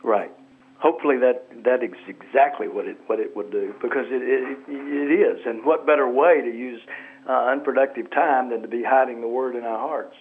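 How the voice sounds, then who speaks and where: A man's voice: medium pitch, moderate pace. Male guest over a tinny phone line. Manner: earnest, reflective, preacherly. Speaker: guest author and pastor. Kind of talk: radio interview by phone.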